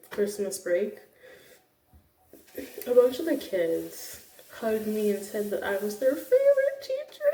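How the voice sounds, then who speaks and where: A woman's voice: medium pitch, warm tone, a little hiss or hum. A young woman who teaches computer classes, chatting casually and gushing with frequent restarts. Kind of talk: casual vlog chat. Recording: echoey room, voice from a distance.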